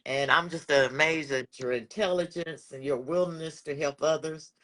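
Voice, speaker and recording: A man interviewing a guest, warmly praising and encouraging him. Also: on the high side, fairly even intonation, normal speed. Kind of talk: supportive interview talk.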